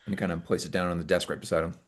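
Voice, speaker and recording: Laid-back low-voiced player. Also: male voice, steady tone, rapid-fire. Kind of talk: casual tabletop play.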